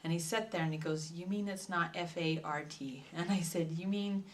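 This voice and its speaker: A mother telling a funny story about her son in a soft-spoken, chuckling way. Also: fairly low pitch, moderate pace, a little hiss or hum. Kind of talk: casual storytelling. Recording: distant mic.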